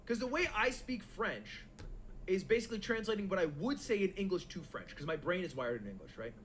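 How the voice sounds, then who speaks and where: A young man with a fairly high voice tells a rambling anecdote, swinging his pitch up and down with animated, profane energy. It sounds like a casual stream chat with a faint hum of noise underneath. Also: brisk. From United States. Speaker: stream co-host.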